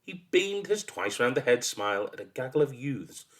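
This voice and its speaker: Storyteller: man, expressive storybook reading, very animated pitch. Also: moderate pace. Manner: lively, expressive.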